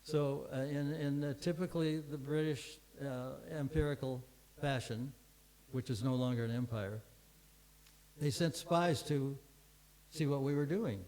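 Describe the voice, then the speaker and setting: A man's voice: medium pitch, steady tone, unhurried, dark tone, rough recording. An older man giving a scripture class, telling a long story in a rambling way with many restarts and fillers.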